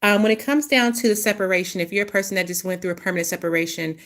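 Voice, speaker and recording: A woman hosting a casual card-reading channel, talking in a loose, rambling way. She stumbles, restarts her sentences and keeps apologizing. Her voice sits at an ordinary middle pitch. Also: rapid-fire, fairly bright tone. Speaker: intuitive reader, host.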